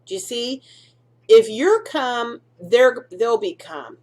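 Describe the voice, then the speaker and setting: Chatty woman explaining dog calming steps. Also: a little high, takes it slowly. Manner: repeats points and checks in with "okay?" and "do you see?". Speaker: dog-care video host. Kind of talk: casual instructional talk.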